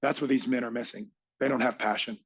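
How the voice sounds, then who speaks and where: A man's voice: medium pitch, steady tone, fast, fairly bright tone, slightly rough, no echo, lo-fi sound. A middle-aged man, a podcast guest, tells a motivational story with emphatic energy and acts out other people's lines.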